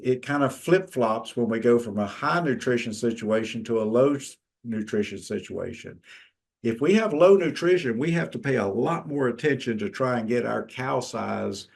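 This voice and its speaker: A man's voice: mid-range voice, gravelly, darkish tone. Man lecturing through slides. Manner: plain, conversational with frequent fillers and restarts. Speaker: extension lecturer.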